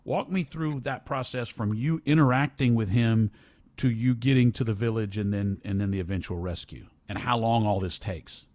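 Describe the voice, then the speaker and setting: A man's voice: on the low side, normal speed, darkish tone, no room sound. A man hosting a radio interview, asking probing, conversational questions. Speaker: radio host.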